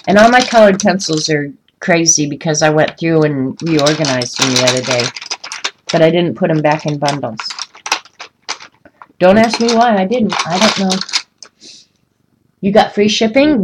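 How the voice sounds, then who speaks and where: A woman's voice: low-pitched, moderate pace. A woman talks casually into a desk mic while she colors on a live stream. She rants and replies to viewers by name. There is a faint hiss behind her voice. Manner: chatty, ranting, answers viewer comments by name. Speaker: livestream host coloring art.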